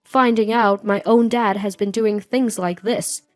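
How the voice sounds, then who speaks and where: A calm, composed young man who speaks firmly and a little loud, as a woman reads his lines. The voice stays even over a faint bed of music. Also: mid-range voice, unhurried, close to an everyday voice. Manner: calm and firm.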